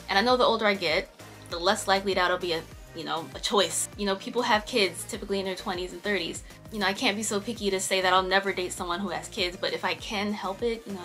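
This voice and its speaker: A woman's voice: medium pitch, a bit bright. A woman vlogger telling a personal story in casual chat, talking freely, laughing often and acting out what people said. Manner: chatty, laughs often, voices quoted people.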